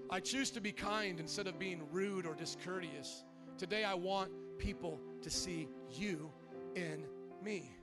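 A male pastor in his thirties preaching a sermon in a church, with impassioned, rising prayer and near tears. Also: high-pitched. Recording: music playing under the voice.

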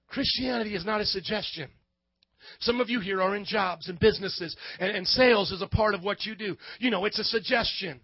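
High-voiced fiery pastor with a Southern twang. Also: male voice, no echo, dull audio. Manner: fiery, shouting, urgent preaching. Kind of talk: sermon.

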